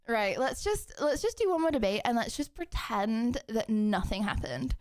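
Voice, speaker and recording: A young woman streamer in casual livestream chat, excitable and rambling, often apologising. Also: a little high, normal speed.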